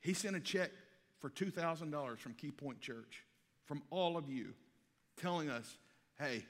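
A man preaches from the pulpit with a high, bright, ringing voice. He tells stories with animation, slipping into the other characters' voices as he goes. Long reverb from the large church hall hangs behind every phrase. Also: a little slow. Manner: animated storytelling, acts out voices. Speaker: pastor. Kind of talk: sermon. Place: church auditorium.

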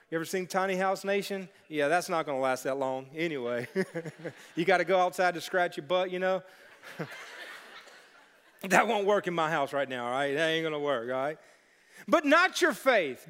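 A man's voice: high voice, fairly bright tone. A man preaching a sermon as pastor, telling stories and breaking into playful voices for the people in them. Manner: storytelling with playful character voices. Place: church sanctuary. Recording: long hall reverb.

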